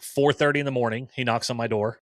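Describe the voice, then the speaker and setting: Studio-quality audio without room sound captures a fast-talking man in his forties with a mid-range voice. He's a campus minister telling stories casually, animatedly acting out the quoted dialogue.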